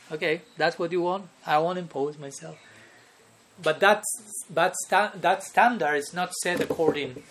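A man's voice: fairly high pitch, fairly bright tone, a little hiss or hum. A man teaching a devotional lecture, who often chuckles and keeps asking his listeners "no?" and "okay?". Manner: chuckles often between points. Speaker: spiritual teacher.

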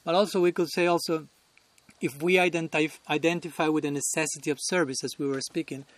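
A man's voice: on the high side, steady tone, brisk. A man giving a devotional lecture at a temple as a swami, chuckling often and talking conversationally while searching for words.

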